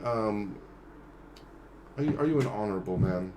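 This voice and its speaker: A man playing a tabletop game, talking in character in a hesitant, halting way. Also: on the low side, lively intonation, darkish tone, lo-fi sound, slight background noise. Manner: hesitant, halting, with many fillers. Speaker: player.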